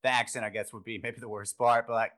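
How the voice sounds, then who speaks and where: A man's voice: medium pitch, level tone, fast, fairly bright tone. A man on a casual movie review podcast who often chimes in and thinks aloud. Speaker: podcast co-host.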